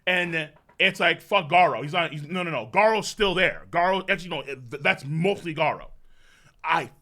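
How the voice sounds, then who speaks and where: A man streaming a live manga reaction, excitable and profane, breaking into shouts of amazement. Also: a little high, moderate pace.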